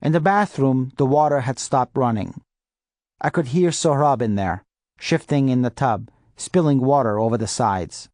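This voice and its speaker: A man reads a first-person novel in a steady, measured way. His voice sits in the middle range. The recording is dry and close. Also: medium pitch, dry recording. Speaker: audiobook narrator. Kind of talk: first-person audiobook narration.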